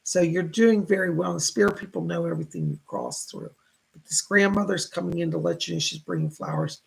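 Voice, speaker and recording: A man's voice: a little high, sing-song, fairly quick, gravelly, husky, poor audio. A man hosting live-stream psychic readings. He reads viewer messages aloud and relays spirit messages. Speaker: psychic reader, show host.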